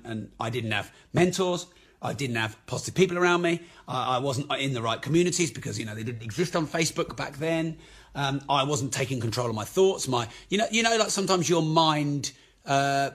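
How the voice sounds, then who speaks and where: A man's voice: mid-range voice, a bit bright, slightly rough. A man who speaks frankly and swears freely, giving a candid motivational talk about his business life.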